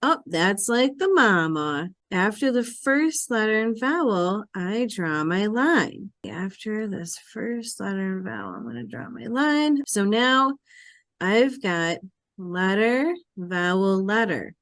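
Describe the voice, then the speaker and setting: A woman's voice: medium pitch, sing-song, slow pace, a bit bright, no echo, studio quality. A woman who teaches Hebrew, explaining a reading lesson step by step in a patient, repetitive classroom manner.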